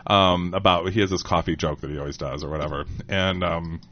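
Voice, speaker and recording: A man's voice: deep voice, fairly quick. A man co-hosting a casual chat, telling a story in a rambling way with many fillers and laughs. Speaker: co-host. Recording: slightly muffled lo-fi audio.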